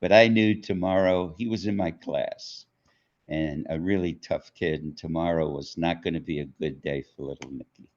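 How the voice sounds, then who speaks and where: A man's voice: low voice, fairly even intonation. An older man, telling a story from his childhood in an interview and acting out the voices in it. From New York. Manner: unhurried storyteller, acts out quotes. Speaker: author being interviewed. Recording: dull lo-fi audio.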